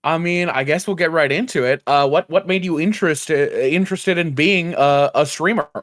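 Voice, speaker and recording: A man co-hosting a podcast, asking halting questions and dropping brief interjections. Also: on the high side, fairly bright tone, no room sound, clean studio sound. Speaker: podcast co-host. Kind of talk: casual podcast chat.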